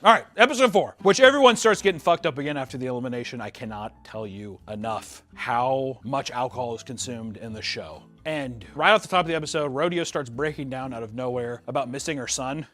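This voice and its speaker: A man's voice: medium pitch, fairly quick, few pauses, faint music behind. A man casually commentating on a reality show as a streamer, swearing freely and laughing often. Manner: profane, laughing, animated storytelling.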